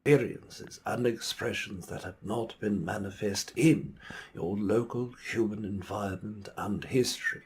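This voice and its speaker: A man channeling a grandiose male alien entity in a put-on foppish British accent, lecturing slowly and earnestly. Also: on the low side, a little mellow, slight background noise, close to an everyday voice. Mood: solemn. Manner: slow, earnest, New Age lecturing. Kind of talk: played channeling video.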